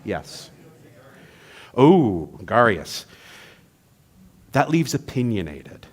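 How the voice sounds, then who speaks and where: Animated male preacher telling jokes. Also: medium pitch, extremely slow. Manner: playful, joke-telling, then reflective. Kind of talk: humorous sermon.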